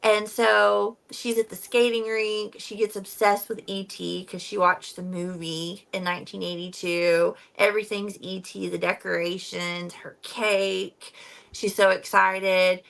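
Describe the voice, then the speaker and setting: A woman co-hosting a book club podcast, retelling a novel's opening in a relaxed chat and acting out the characters' lines. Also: medium pitch, a little slow, vocal fry. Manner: relaxed storyteller, acts out the characters' quotes.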